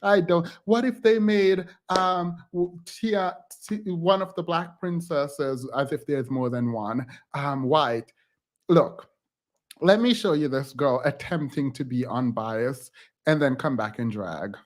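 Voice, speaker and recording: A man's voice: on the high side, measured pace. A man hosting a reaction commentary channel, talking in a sassy, emphatic and dismissive way.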